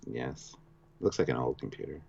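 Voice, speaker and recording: Very deep-voiced man, muffled sound. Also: moderate pace, gravelly, a little mellow, a little hiss or hum. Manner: recaps scenes, reads viewer messages. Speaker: co-host of a review show. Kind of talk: casual episode review chat. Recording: dull lo-fi sound.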